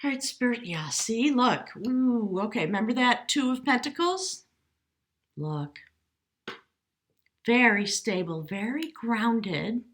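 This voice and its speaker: A woman giving a spontaneous tarot reading, speaking gently and emotionally, now and then addressing her spirit guides. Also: on the high side, big pitch swings, slow. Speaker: tarot reader.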